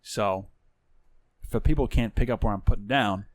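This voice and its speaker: A casual podcast host, a New man with a lowish voice, tells stories at normal speed in an animated, profane way, swearing freely. It's casual storytelling chat on a dry mic with no room sound.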